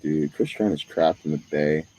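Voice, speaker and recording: A man's voice: very deep voice, normal speed, dark tone, poor audio. A man streaming live, talking in a profane monologue that jumps from one topic to the next.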